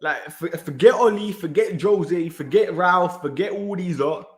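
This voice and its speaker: In an echoey room, a man with a high-pitched, slightly slow voice rants about a football match on his reaction channel. He sounds exasperated, sighing and repeating the same phrases as he vents his frustration.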